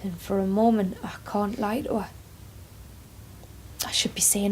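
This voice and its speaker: A woman, performing a dramatic monologue as a care worker who shifts between quiet asides and excited outbursts. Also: medium pitch, a little slow, breathy edge.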